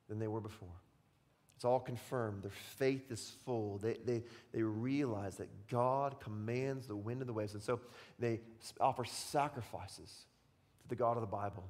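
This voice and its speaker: A man preaching in a church sanctuary with a mid-range voice, the words ringing out in a long hall reverb. He tells the story dramatically, swinging from quiet, intimate moments to loud, excited bursts. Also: mid-range voice. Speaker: pastor. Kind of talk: sermon.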